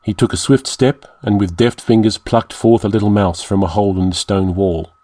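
A lower-voiced man narrates a dark fantasy audiobook, his delivery deliberate and dramatic. The sound is intimate and dry, with no echo and no surrounding room.

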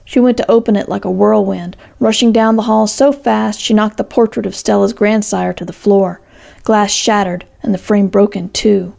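Woman, story narrator, steady measured reading, heavily gravelly voice, mellow dark tone. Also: medium pitch.

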